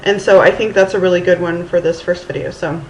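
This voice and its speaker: A woman's voice: on the low side, steady tone, brisk, background noise. A woman in her thirties from Houston, rambling casually in a storytime vlog with Valley Girl-like speech, lots of ums and restarts, into her camera's mic. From Houston, Texas. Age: 30s. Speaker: vlogger. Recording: roomy with faint ambience.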